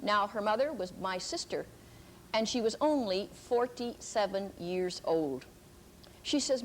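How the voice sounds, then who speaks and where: An older woman giving a Christian teaching talk, telling a personal story earnestly, with pauses and restarts. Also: medium pitch, animated, a little hiss or hum, rough recording.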